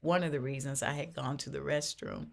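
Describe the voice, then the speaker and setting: A woman's voice: extremely low pitch, steady tone, a little fast, vocal fry. An older woman telling her personal faith story as an interview guest, earnest, often repeating her phrases, her voice swelling and dropping with emotion. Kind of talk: personal faith testimony in conversation.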